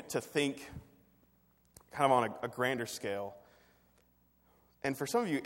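A man's voice: mid-range voice, in a large hall. A man preaching a sermon, telling a personal story in a conversational way with fillers and restarts. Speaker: pastor.

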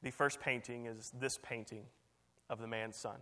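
A firm, formal male auctioneer, as a preacher puts him on in a story. He calls out bids in an even, flat-toned man's voice. A long reverb trails behind every word. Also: mid-range voice, moderate pace.

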